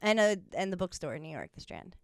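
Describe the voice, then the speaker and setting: Young woman on a podcast, rambly and giggly, smooth clear voice, dry close sound. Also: on the low side, very animated, fast talker, no room sound. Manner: rambling, giggly, lots of fillers. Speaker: podcast co-host. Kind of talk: casual chat.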